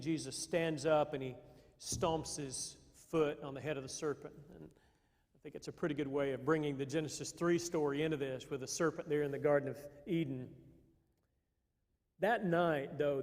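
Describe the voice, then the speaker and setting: A man preaches in an easy, conversational way, pausing and restarting as he thinks aloud. His voice is somewhat high for a man and a little mellow, and a long reverb trails his words in a church sanctuary.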